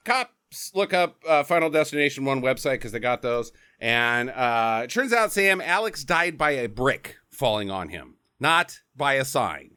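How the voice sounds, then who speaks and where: A man's voice: mid-range voice, clear, resonant tone. A man hosting a podcast, giving a casual, comedic movie recap with swearing and acted-out lines. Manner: animated, swears, acts out characters' lines. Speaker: podcast host.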